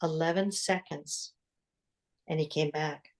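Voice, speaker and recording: An older woman, a religious sister, telling her story in an interview in an earnest way, with reflective pauses. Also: low-pitched, fairly even intonation. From United States.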